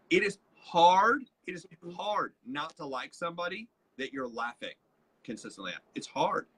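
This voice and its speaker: A man co-hosting a live leadership show, telling stories with lively quoted voices. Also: a little high, slight background noise. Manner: animated storytelling with quoted voices. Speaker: co-host, leadership trainer. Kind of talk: casual live-stream teaching.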